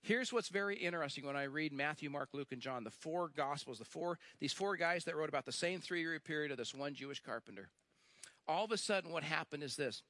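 Animated, bright-voiced male preacher. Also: a little high, no room sound. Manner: animated storytelling, acts out quoted lines; emphatic, repeats phrases, slows for stress. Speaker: pastor. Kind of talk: sermon.

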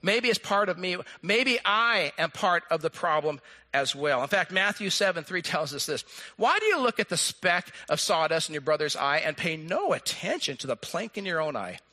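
A man preaching a sermon to his congregation, swinging from animated, acted-out lines down to a soft hush. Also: on the high side, normal speed. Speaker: pastor.

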